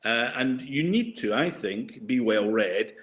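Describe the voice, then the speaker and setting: A man's voice: mid-range voice, expressive, measured pace, fairly bright tone. An older man, a guest columnist, talking over a podcast in a hesitant way, full of fillers and restarts. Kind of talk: casual podcast discussion.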